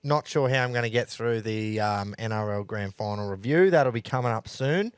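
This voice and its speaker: Aussie podcast co-host, relaxed banter, laughs easily, dry close mic. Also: male voice, lowish voice, moderate pace, clear, resonant tone, dry recording. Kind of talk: casual chat.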